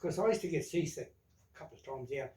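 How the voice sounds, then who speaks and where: A man's voice: on the high side, expressive, quick pace, dark tone. Older man, new zealand accent, rambling family yarns, echoey room. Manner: rambling yarn-spinner with asides like "right?" and "eh?". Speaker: father telling family stories. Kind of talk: casual storytelling.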